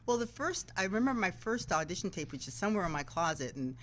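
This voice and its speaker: Brief: woman, TV anchor guest, lowish pitch, animated anecdotes, acts out quoted lines. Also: quick pace, low-quality recording. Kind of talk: casual interview storytelling.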